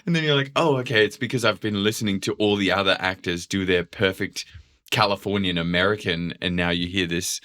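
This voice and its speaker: A young man co-hosting a podcast, chatting casually in an animated, jokey way and swearing freely. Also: low-pitched, a little fast. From Australia. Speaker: podcast co-host. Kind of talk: casual chat.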